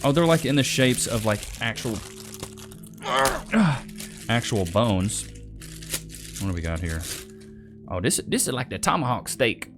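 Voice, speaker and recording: Male host, lower voice, relaxed slangy chat, soft music under him. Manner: laid-back, chatty, slangy, talks to his dog. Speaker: host reacting to clips. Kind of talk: casual commentary.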